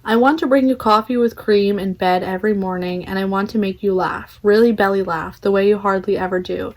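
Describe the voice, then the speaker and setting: An earnest young man pours out a heartfelt love confession in a storybook read-aloud. A woman voices him, dropping her voice a little lower and softer. The delivery is sincere and unhurried. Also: steady tone, natural voice. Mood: tender.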